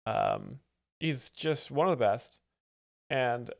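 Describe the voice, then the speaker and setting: A man hosting a live comedy stream, making deadpan ironic asides over clips. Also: medium pitch, slow, gravelly, dry recording, clean studio sound. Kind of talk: satirical live-stream commentary.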